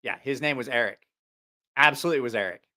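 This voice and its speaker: A man's voice: mid-range voice, quick pace, sharp tone. A man hosting a live stream, telling a rambling, profane story in a casual way and laughing at his own jokes.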